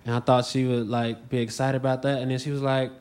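A man's voice: medium pitch, little pitch movement, quick pace, darkish tone. A man doing a stand-up set, playful and easygoing. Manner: playful, mock-whiny impressions. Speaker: stand-up comedian.

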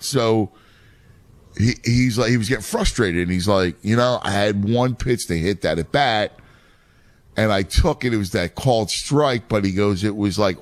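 Rambling baseball dad, dry close voice. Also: male voice, on the low side, dry recording. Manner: rambling, restarts, explains game strategy. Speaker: youth baseball coach and dad. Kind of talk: casual chat.

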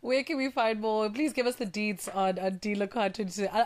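A woman's voice: fairly high pitch, quick pace, hardly any pauses. A woman co-hosting a radio show, asking questions in a chatty, playful way. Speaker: radio co-host. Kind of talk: casual interview questions.

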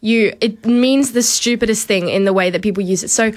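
A woman's voice: mid-range voice, a little fast. A teenage girl on work experience, chatting as a guest on a radio show and giggling as she explains. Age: teens. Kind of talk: casual radio chat.

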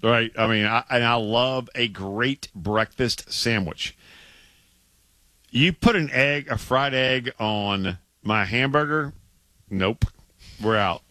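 Man, sports radio host, casual emphatic banter, bright timbre, dry studio mic. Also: mid-range voice, takes it slowly, dry recording. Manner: animated, emphatic, repeats himself when worked up.

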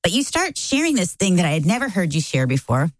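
A middle-aged woman tells a story in a casual conversation, acting out the quotes as she goes. Her voice sits low but swings widely in pitch. The recording is dry and close. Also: fast, no echo. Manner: animated, acts out quoted lines. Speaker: co-host.

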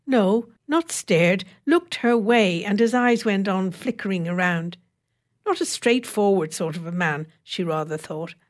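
A woman narrating a short story in a measured, wry storytelling voice. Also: mid-range voice. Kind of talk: reading a short story aloud.

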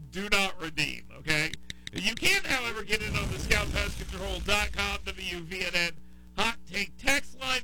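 Southern guy hosting talk radio, high bright voice, rants and repeats himself. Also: vocal fry, slight background noise, rough recording. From American South. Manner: exasperated ranting with repetition. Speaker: radio talk show host. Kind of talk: casual talk radio chat.

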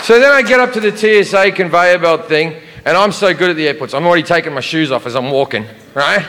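A man's voice: on the high side, fast talker, sharp tone, in a large hall, a little hiss or hum. A man doing stand-up, telling a brash, swearing, rambling story. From Australia. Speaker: stand-up comedian.

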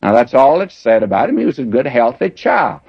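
A man's voice: medium pitch, sing-song, a little fast, vocal fry, breathy edge, no echo. A man giving a folksy, conversational verse-by-verse Bible teaching. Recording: dull lo-fi dry recording.

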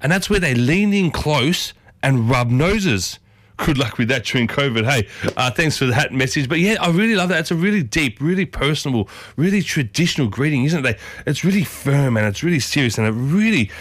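A man's voice: on the high side, big pitch swings, a little fast, fairly bright tone, dry recording. Chatty radio host man. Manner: chatty and enthusiastic, repeats "very interesting". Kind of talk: casual radio chat. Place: radio studio.

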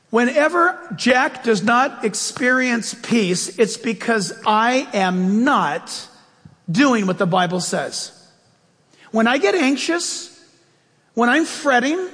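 A male pastor preaching a sermon with animated delivery, moving between loud raised bursts and low quiet asides. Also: husky. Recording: long hall reverb.

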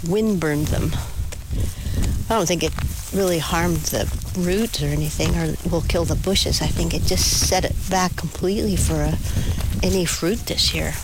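An older woman naturalist talks casually and reflectively while out on a mountain trail. A field recording with clear outdoor noise around her voice. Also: fairly low pitch, normal speed.

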